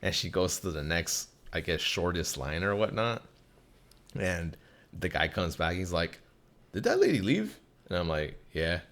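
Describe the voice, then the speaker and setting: A man's voice: deep voice, measured pace. A young man hosting a podcast, telling a casual, profanity-heavy story and acting out the people in it. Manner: animated, swears a lot, acts out quoted people. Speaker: podcast host.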